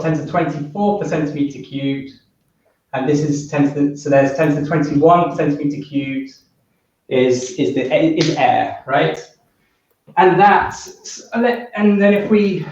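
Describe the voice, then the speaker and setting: A man with a British accent giving a physics workshop lecture, thinking aloud with many restarts and quizzing the audience. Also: a little high. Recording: echoey, dull hall recording from far off.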